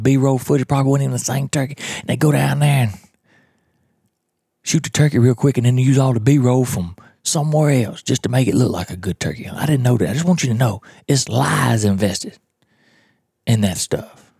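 A man's voice: mid-range voice, a little fast, gravelly, dark tone, slightly rough, no room sound, clean studio sound. A man, telling a hunting story in a folksy, blunt, drawling way as a podcast host. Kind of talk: storytelling monologue.

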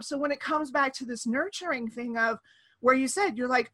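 A woman in her thirties hosts a casual conversation over a remote call, animated and acting out the voices of the people she quotes. She speaks at a normal speed in a high voice.

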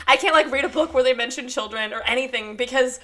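A woman co-hosting a casual podcast chat, telling animated stories full of "like" and laughing often. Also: high voice, quick pace, background noise. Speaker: podcast co-host; wedding photographer and mother.

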